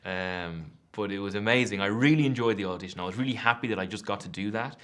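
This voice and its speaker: A man in his thirties with an Irish accent, chatting casually as an actor being interviewed, self-deprecating and quick to laugh. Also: on the low side, fairly bright tone. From Ireland.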